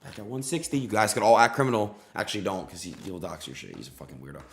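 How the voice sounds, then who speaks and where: A young man live-streaming his gambling, swearing freely and swinging between yelling and muttering. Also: on the low side, fast talker. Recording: roomy echo.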